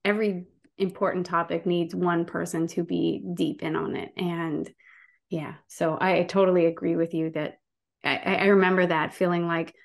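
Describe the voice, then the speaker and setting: Gravelly low-voiced woman telling stories. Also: little pitch movement, normal speed. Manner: passionate, storytelling, frequent restarts. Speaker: guest, vegan activist. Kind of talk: casual interview chat.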